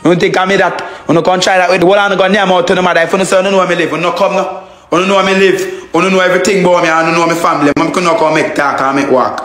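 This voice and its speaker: A man's voice: sits high, fairly even intonation, rapid-fire, fairly bright tone. A Jamaican man ranting angrily on a phone live stream, trading insults and repeating himself. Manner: angry, insulting, repetitive. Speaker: livestreamer. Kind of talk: livestream rant.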